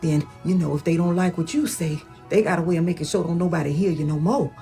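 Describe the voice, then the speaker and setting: A woman's voice: on the low side, fast, warm tone, soft background music, natural voice. A woman playing a gossipy, folksy woman in a comedic period skit, talking in a drawling, scolding way.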